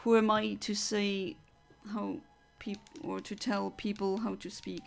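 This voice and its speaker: A woman's voice: mid-range voice, flat delivery, unhurried, gravelly, faint music behind. A woman from Luxembourg, chatting casually as a streamer and reading out viewer comments, reflective with frequent fillers and restarts.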